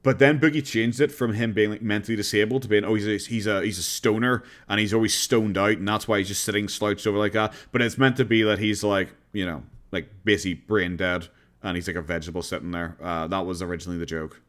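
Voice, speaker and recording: A man's voice: on the low side, fairly even intonation, quick pace, a bit bright. A man with an Irish accent chatting casually on a reaction stream, in an easygoing, rambling way.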